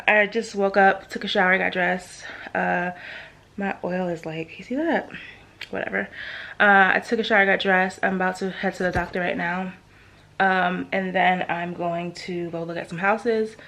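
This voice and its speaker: A woman's voice: fairly low pitch, a bit bright. A young woman vlogging in a casual chat to camera, a little out of breath, with lots of fillers and asides. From Jamaican family.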